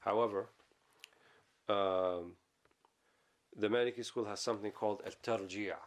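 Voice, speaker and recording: A man teaching a classical religious text, reading Arabic passages quickly and then explaining them in English. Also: lowish voice, fairly even intonation. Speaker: Islamic teacher.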